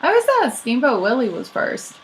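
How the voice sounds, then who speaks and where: A woman's voice: high-pitched, wildly swooping pitch, fairly quick, poor audio. A young woman co-hosting a casual podcast, reacting to the story with short remarks, laughs and mild swearing. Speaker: podcast co-host listening.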